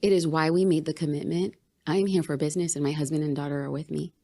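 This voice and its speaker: A woman guest in a candid interview, talking in an animated, emphatic way and repeating phrases for emphasis. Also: low voice, fast talker. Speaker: podcast guest. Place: business retreat in Austin.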